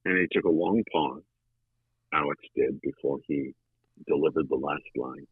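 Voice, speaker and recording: A man guesting on an interview show, telling a story in a lively conversational way with dramatic pauses. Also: rumbling low, husky, dry recording. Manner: animated, with dramatic pauses and fillers. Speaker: guest, audiobook narrator. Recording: tinny phone-like line.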